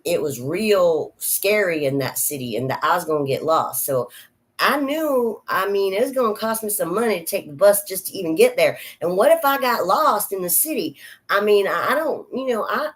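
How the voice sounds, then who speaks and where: A woman's voice: medium pitch, pitched above the performer's own voice, lightly acted. A woman voicing a timid young small-town girl in a put-on Southern US accent, rambling and fretful.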